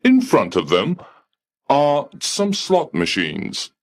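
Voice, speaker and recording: A man voicing a polite, unbending male receptionist at heaven's gate who speaks formally and calmly. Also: mid-range voice, takes it slowly, voice pushed up, heavily acted. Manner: formal, calm, coolly polite.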